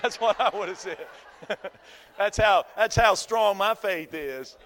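A folksy male pastor with a high, bright voice preaches slowly, keeping things lively with humor and questions for the congregation. His voice rings with a long hall reverb, like a church sanctuary, over slight background noise.

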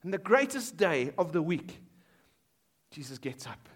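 A man preaching a sermon in a school hall, shifting between loud emphatic lines and hushed quoted lines. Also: fairly high pitch, very animated, measured pace, husky. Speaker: pastor.

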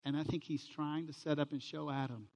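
A man's voice: on the high side, a little fast, long reverb tail. A middle-aged man, a pastor, preaching a sermon and telling stories, livening them with quoted voices. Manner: storytelling, animated with quoted voices.

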